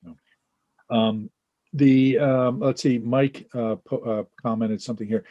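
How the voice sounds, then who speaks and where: A man's voice: medium pitch, steady tone, a little slow, warm tone, dry recording. A man presenting a webinar over a video call, acting out little scenes and checking in with "right?". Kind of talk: teaching talk with examples.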